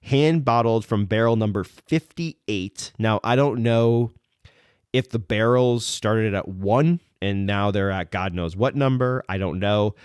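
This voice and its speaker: A man hosting a podcast, with a voice on the low side, rambles through a story in a loose, excitable way. He leans on fillers and restarts his sentences. The sound is dry and close, with no room echo. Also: unhurried, clean tone. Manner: rambling, heavy use of fillers like "like" and "um"; excited, retelling events with restarts. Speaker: podcast host. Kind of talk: casual storytelling.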